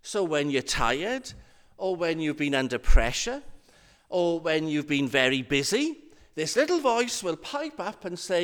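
A man's voice: a little high, sing-song, a little slow, a bit bright. A man, a minister, preaching a sermon in an earnest, repetitive cadence.

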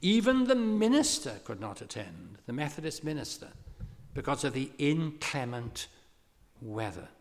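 A man preaching a sermon, telling a story with lively emphasis and pressing his hearers with questions. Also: medium pitch, moderate pace. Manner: animated storytelling preacher, rising to impassioned exhortation. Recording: long hall reverb.

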